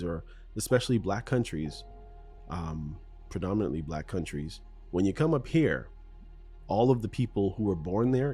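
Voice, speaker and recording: His voice is low-pitched and a little mellow with a breathy edge. This middle-aged Canadian podcast host talks alone and unscripted, rambling through personal anecdotes, backtracking to fix his words, and mixing in ums and laughter.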